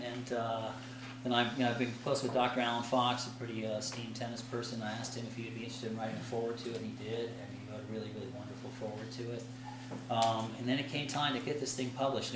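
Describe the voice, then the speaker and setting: A man's voice: medium pitch, noisy background. A man in his late forties giving a rambling, chatty talk at his book launch, full of fillers and restarts and often laughing at himself. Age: 40s. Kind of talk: informal speech to a party crowd. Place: indoor party venue with an audience. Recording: very echoey room, distant mic, room ambience.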